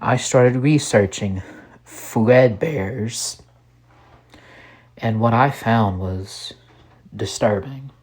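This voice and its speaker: Man, horror story narrator, slow pace, husky tone, deliberate and ominous. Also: mid-range voice.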